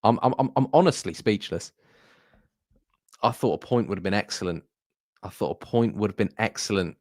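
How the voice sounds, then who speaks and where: A young man with a hoarse, fairly low voice reacts live to a football result, sounding deflated and halting as he repeats himself. He speaks close to a desk mic in a dry, dead room. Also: animated, darkish tone, no echo. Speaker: football fan streamer.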